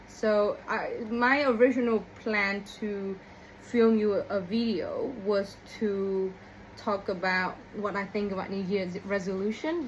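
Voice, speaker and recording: A young woman talking straight to her camera at home, excitable and rambling, her sentences full of fillers and restarts. Her voice sits at an ordinary pitch for a woman. A faint hiss of background noise runs under the recording. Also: rough recording. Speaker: vlogger. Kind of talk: casual vlog storytelling. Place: indoors at home while cleaning shoes.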